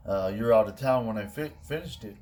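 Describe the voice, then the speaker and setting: A man's voice: lowish voice, a little fast, darkish tone, slight background noise, close to an everyday voice. A man voicing a laid-back male handyman who likes playing pranks, talking casually and stretching out "man".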